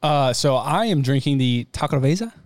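A man's voice: mid-range voice, lively intonation, normal speed, dry recording, studio quality. A man co-hosting a casual podcast, chatty with hesitant starts.

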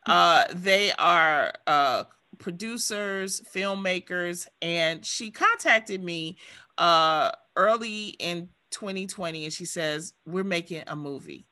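A woman hosting a radio talk show, telling a story in a lively, expressive way. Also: lowish voice, slow. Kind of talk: casual chat.

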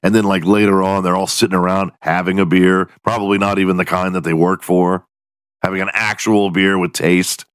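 A man with a fairly low voice delivers a casual, profanity-heavy podcast rant. He jumps up high in pitch for sarcastic punchlines. The sound is dry and close, with no room echo. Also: level tone, a little fast, fairly bright tone. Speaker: podcast host.

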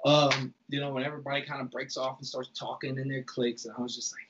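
A man's voice: mid-range voice, little pitch movement, fast, a bit bright, breathy edge, dull audio. A man telling a story in casual, profane talk, acting out the lines he quotes. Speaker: podcast guest recounting reality TV.

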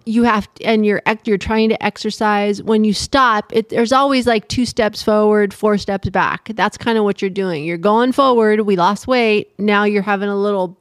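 A woman's voice: mid-range voice, fairly even intonation, moderate pace, few pauses, dry recording, clean studio sound. An older woman, co-hosting a podcast, chatting casually, giving advice and laughing easily. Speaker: podcast co-host. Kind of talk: casual chat.

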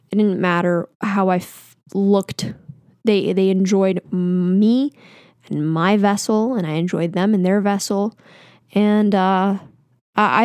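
Her voice mid-range, smooth and darkish, the woman, a vlogger in her twenties, talks into a mic in a casual confessional monologue. It's candid and self-deprecating, rambling with fillers, and there's no echo.

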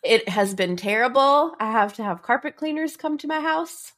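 A woman's voice: on the high side, expressive, moderate pace, a bit bright. A woman in her thirties talks in a loose, rambling way, leaning on filler words. Her voice sounds stuffy and congested, as if she has a cold. She records from a closet at home in casual podcast chat. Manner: chatty, rambling with many "like"s. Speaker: podcast co-host.

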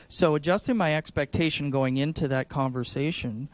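A man with a fairly high speaking voice gives sales advice on a podcast. He talks in an animated, demonstrative way and slips into acted-out phone calls. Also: normal speed, dry recording. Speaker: insurance sales podcast panelist.

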